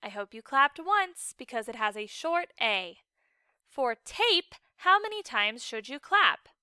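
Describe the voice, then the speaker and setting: A high-pitched woman teaching a phonics lesson to children in a slow, careful way. Her voice is bright and smooth, and each word is stretched and overpronounced. She sounds patient and encouraging, recorded dry and close. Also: big pitch swings, no room sound. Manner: slow, exaggerated enunciation of words.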